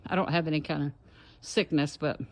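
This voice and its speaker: A woman's voice: deep voice, fairly even intonation, fairly quick. Older Appalachian woman, homey and rambling. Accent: Appalachian Southern. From Appalachian Kentucky. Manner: homey, rambling, talks while walking and cooking. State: out of breath. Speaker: home vlogger. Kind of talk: casual chat. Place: yard, then home kitchen.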